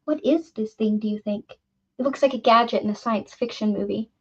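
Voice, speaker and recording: A woman's voice: a little high, fairly quick, close to an everyday voice. A woman voicing a thoughtful young woman in an audiobook reading. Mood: curious. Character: curious, composed young woman. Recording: dull lo-fi recording.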